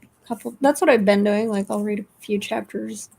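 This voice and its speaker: A woman's voice: mid-range voice, fairly even intonation, brisk, gravelly, a little mellow, breathy edge. A woman chatting casually in a book club, blunt and swearing easily. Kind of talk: casual chat.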